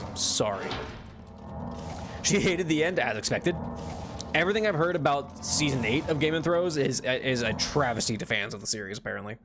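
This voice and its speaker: A man chats casually while streaming a game, rambling through fillers and restarts and laughing often. His pitch sits in the middle of the male range. Game music plays clearly behind his voice. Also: animated, a little fast. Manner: yelps loudly at in-game mishaps. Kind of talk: casual live-stream chat.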